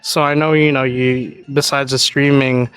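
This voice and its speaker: Male host, mid-pitched voice, rambling casual interviewer with a corny sense of humor. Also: flat delivery, fairly bright tone, clear, resonant tone. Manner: rambling, halting, cheesy jokes.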